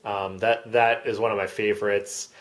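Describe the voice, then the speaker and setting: A man's voice: on the low side, level tone, normal speed. A man on a parody commentary track, speaking matter-of-factly with many ums. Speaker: comedic fake commentary speaker.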